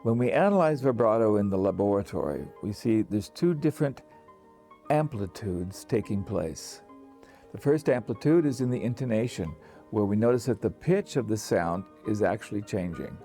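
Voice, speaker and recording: A man teaching singing, explaining calmly to camera with many restarts and short sung demonstrations. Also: fairly low pitch, moderate pace, faint music behind. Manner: relaxed, thinking aloud with restarts and sung demonstrations.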